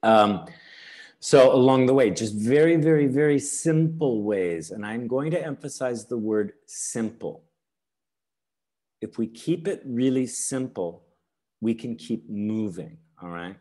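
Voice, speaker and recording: Unhurried man presenting a webinar. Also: mid-range voice, darkish tone. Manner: unhurried, checks in with "all right?" and "okay?". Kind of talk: teaching webinar talk.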